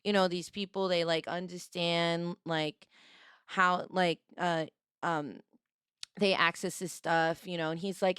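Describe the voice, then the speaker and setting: A young woman streamer telling a story in a casual, animated way, laughing and acting out the people she quotes. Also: fairly low pitch, measured pace, clear, resonant tone, no echo, studio quality.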